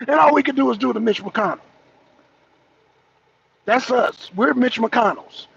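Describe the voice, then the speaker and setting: A man on a political talk show ranting loudly, swearing and repeating himself, sometimes breaking into laughter. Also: very high-pitched, unhurried, vocal fry, breathy edge, dry recording. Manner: loud, profane, repetitive ranting. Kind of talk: heated political rant. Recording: dull lo-fi stream audio.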